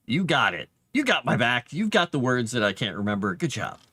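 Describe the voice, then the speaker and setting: A man chats casually on a live stream while he writes, rambling and muttering lines of his drafts aloud. His pitch swings up and down a lot. The sound is close and dry, with no room echo. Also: very animated, brisk, sharp tone, slightly rough. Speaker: live streamer writing fantasy lore.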